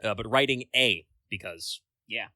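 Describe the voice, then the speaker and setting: Rambling man with a sharp, forceful voice. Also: fairly low pitch, measured pace, dry recording. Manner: rambling, full of filler words and casual swearing. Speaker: podcast co-host. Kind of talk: casual podcast chat.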